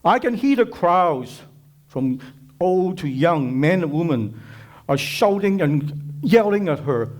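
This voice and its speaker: A man's voice: a little high, animated, takes it slowly. A man giving a sermon at a conference, preaching emphatically with repetition and rhetorical questions. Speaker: speaker at a conference.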